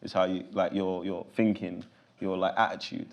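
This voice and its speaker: A low-voiced man with a London accent chats casually as an interview guest. His speech is gravelly and loose, full of restarts and fillers. He sounds like a relaxed man in his thirties. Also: moderate pace, lo-fi sound. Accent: London English. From London, England. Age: 30s.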